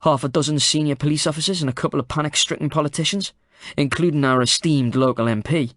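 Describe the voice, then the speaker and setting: A man playing a deadpan detective chief inspector. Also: a little high, quick pace, dry recording, studio quality, voice pushed up, lightly acted. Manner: deadpan, blunt. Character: cool, calculating male detective chief inspector. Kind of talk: audiobook character voice.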